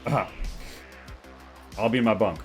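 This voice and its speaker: A man voicing a crude, rough male spaceship crewman who mumbles and hesitates. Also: on the low side, normal speed, faint music behind, lightly acted. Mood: flustered.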